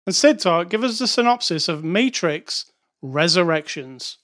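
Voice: medium pitch, expressive, a little slow, a bit bright. A podcast co-host in a casual movie review chat, talking with dry, wry teasing.

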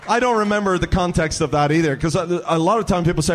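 A man's voice: fairly high pitch, a little fast, faint music behind. A man co-hosting a live podcast recorded in a bar, rambling and laughing as he talks. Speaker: podcast co-host.

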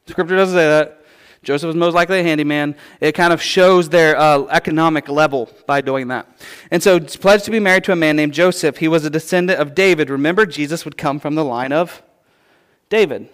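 A man preaching a conversational sermon, explaining scripture in an animated, chatty way with playful asides. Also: fairly high pitch, fairly quick, clear, resonant tone.

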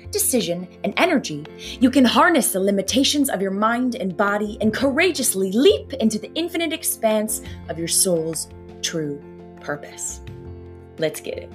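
A young woman from Canada hosting her own spiritual podcast, speaking in an earnest, animated way with casual swearing. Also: on the high side, moderate pace, faint music behind. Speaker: podcast host. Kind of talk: spiritual motivational podcast monologue.

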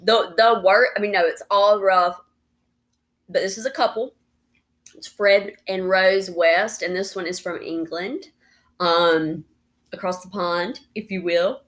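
A woman co-hosting a podcast in relaxed, chatty talk, teasing her partner now and then. Her voice sits in an ordinary middle pitch. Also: a little slow. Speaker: podcast co-host and storyteller. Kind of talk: casual chat.

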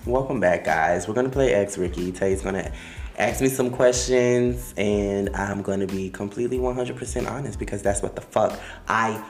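A man with a Miami accent hosting a casual chat, blunt, profane and animated, laughing often. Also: lowish voice, moderate pace, echoey room. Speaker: podcast host.

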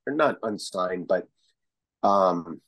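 A man chatting as a podcast guest, an excitable storyteller who rambles and restarts his sentences. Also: low-pitched, slow pace, vocal fry, dry recording. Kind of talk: casual chat.

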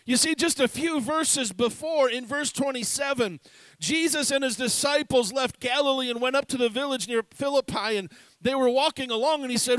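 A man preaching a sermon as pastor, animated, swinging between loud and hushed passages. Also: very high-pitched, normal speed, clean tone, no echo.

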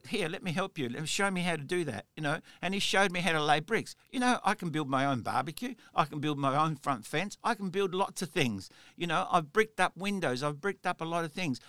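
A man's voice: fairly high pitch, sharp tone, dry recording, clean studio sound. A middle-aged man hosting a solo motivational podcast, talking in an earnest, rambling way full of "you know". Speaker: podcast host.

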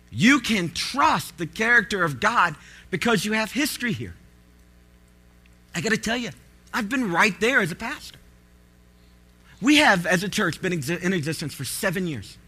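Male pastor, high bright voice, lively storytelling sermon, loud pleading outbursts.

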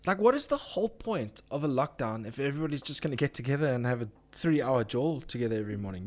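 Male streamer, casual ranty chat, swears freely, mid-pitched voice. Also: very animated, quick pace, hardly any pauses. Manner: ranting, profane, lots of fillers and restarts. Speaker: livestream host.

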